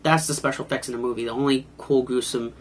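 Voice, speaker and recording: A man's voice: mid-range voice, fairly even intonation, fast, slight background noise. A man giving a casual video review of an old horror film, with a wry, mocking manner. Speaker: movie reviewer.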